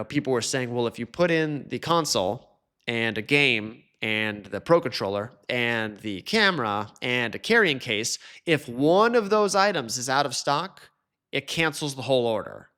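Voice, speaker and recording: Male podcast host, lively chatty monologue, middle pitch with wide swings, casual. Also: normal speed. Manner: chatty, animated, mimics complainers in high mocking voices.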